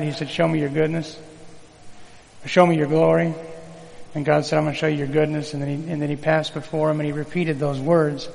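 A male pastor delivers a sermon in an easy, folksy style, pausing to have the congregation echo key words. His voice sits a little high and has a gravelly edge. It carries with a long reverb through a church hall. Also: a little mellow.

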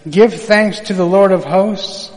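A man's voice: high-pitched, slow, a little mellow, big-room sound, low-quality recording. A man preaching a sermon, reading scripture aloud and drawing call-and-response from the congregation.

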